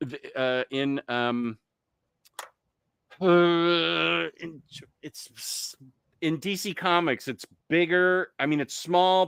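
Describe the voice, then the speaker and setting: A man hosting a relaxed live chat show, reading comments aloud and laughing easily. His voice is bright and crisp. The mic is close and dry, with no room sound. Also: a little high, no echo. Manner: chatty, laughs often, loses his train of thought. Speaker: livestream host reading chat.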